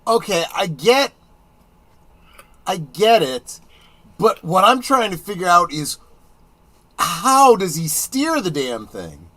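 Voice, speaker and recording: A man with a bright, ringing voice hosts a casual movie commentary, his pitch jumping around as he talks. He is chatty and wry, reacting to what is on screen, and his voice sounds close and dry. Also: very animated, slow pace, pauses often, dry recording.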